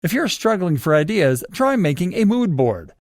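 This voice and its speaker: A man reading scripted instructional narration for a course, in a steady, instructive manner that leans on key points. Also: high voice, normal speed, no room sound, studio quality.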